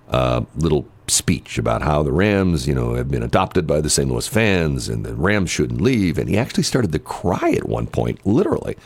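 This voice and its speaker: A man's voice: extremely low pitch, darkish tone, no echo. A man hosting a morning radio show, telling rambling stories with jokey asides in casual chat. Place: radio studio. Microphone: studio microphone.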